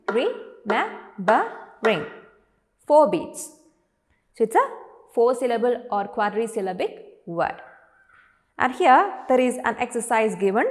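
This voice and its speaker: A woman teacher with an Indian English accent, speaking in a fairly high voice. She draws words out slowly to show their syllables and answers her own questions to the class. Her voice carries a long reverberant tail, as if recorded in a large hall. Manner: slow, drawn-out pronunciation of words when showing their syllables; asks the class questions and answers them herself. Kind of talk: online classroom lesson.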